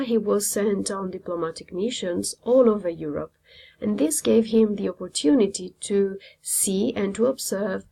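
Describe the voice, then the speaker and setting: Woman teacher, Italian native, mid pitch, gravelly, patient explainer. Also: a little mellow. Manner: explains step by step, with frequent ums and uhs. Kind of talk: classroom lecture.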